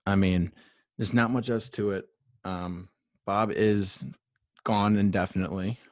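A young man with a deep voice talks while still out of breath, his words carried on heavy breaths as he rambles with "um"s through a solo podcast. The recording is dry and close. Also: steady tone, unhurried, no echo. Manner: rambling, filler-heavy, self-deprecating. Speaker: solo sports podcast host. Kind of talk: casual rambling sports podcast.

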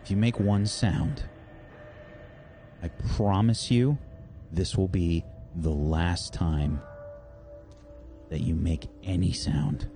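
A man's voice: sits low, fairly even intonation, slow pace, pauses often, warm tone, soft background music. A man voicing an unhinged young male killer who snarls threats. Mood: menacing.

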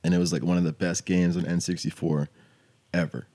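A man's voice: sits low, little pitch movement, brisk, dark tone. A man in his late twenties hosting a podcast, telling stories loosely with lots of "like" and "you know what I'm saying". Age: 20s. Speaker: podcast host. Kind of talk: casual chat.

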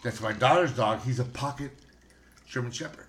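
A man's voice: medium pitch, normal speed, fairly bright tone, reverberant. A middle-aged man hosting a podcast, rambling and brash with constant swearing in casual banter and storytelling. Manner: brash, heavily profane, rambling.

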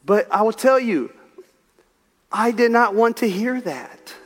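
A man preaching a sermon in a lively, conversational way, full of humor and everyday asides. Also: sits high, slow pace, big-room sound. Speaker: pastor.

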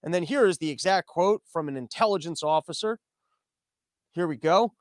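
High-voiced sarcastic ranting man. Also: normal speed, no echo, clean studio sound. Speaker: comedy show host. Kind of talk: comedic political monologue.

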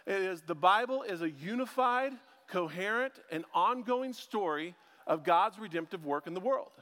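A man with a fairly high voice preaching to a church, talking casually and breaking in with jokes at his own expense. His voice rings out with a long reverb off the big sanctuary walls. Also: animated, normal speed, fairly bright tone. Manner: joking, chatty, self-deprecating asides. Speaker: preacher and ministry school teacher. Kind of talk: casual conversational sermon.

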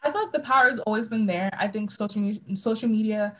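A young woman from the United States, a podcast guest, talking earnestly in a halting way with lots of fillers. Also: mid-range voice, a bit bright, low-quality recording. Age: young adult. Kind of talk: casual interview talk.

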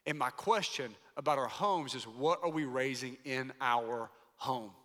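A man's voice: mid-range voice, a little slow, fairly bright tone. A male pastor preaching a sermon to his church in an emphatic, playful way. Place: large church auditorium. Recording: long hall reverb.

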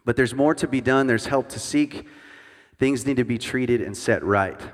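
A man's voice: mid-range voice, normal speed. A man in his thirties, a guest worship pastor, preaches a sermon with humorous, self-deprecating storytelling and jokey asides to the congregation. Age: 30s. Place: church sanctuary before a congregation. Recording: long reverb of a large hall.

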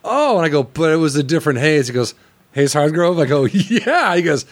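A man co-hosting a podcast in casual chat, often clearing his throat and coughing as he talks. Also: fairly high pitch, quick pace. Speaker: podcast co-host.

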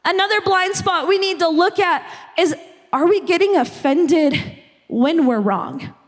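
High-voiced young woman preaching in a church hall. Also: measured pace. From United States. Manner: conversational, repeatedly asking "okay?". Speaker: youth pastor. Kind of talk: sermon. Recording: long church hall reverb.

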